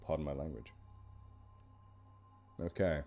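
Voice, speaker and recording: A man's voice: a bass voice, slow, mellow, soft background music. A man with a northern English accent chatting casually to his live stream viewers, rambling and over-enunciating his words. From northern England. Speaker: live stream horror story reader.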